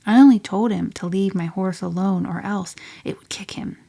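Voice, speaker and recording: A woman voicing a spirited, headstrong teenage girl telling her story in an audiobook, often sinking to a breathy near-whisper. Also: mid-range voice, moderate pace, dark tone. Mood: telling a secret. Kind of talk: audiobook reading.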